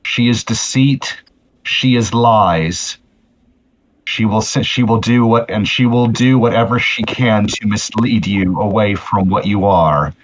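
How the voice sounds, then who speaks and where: A man's voice: fairly low pitch, unhurried. A man voicing an earnest pony healer with a solemn manner who often restarts his phrases, in a tabletop game. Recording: muffled lo-fi audio.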